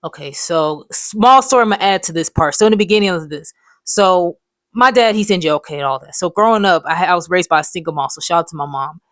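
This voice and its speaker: Casual storytime host in their twenties, slangy and profane, at a middle pitch with no room sound. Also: expressive, fast, fairly bright tone, dry recording. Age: 20s. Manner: rambling, profane, loose slangy talk. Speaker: vlogger telling life stories.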